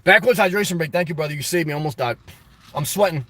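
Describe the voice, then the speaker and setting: A man live-streaming a casual vlog, reading comments aloud and answering them in an animated, repetitive, exclamatory way. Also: a little high, fast talker. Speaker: YouTube vlogger answering live chat.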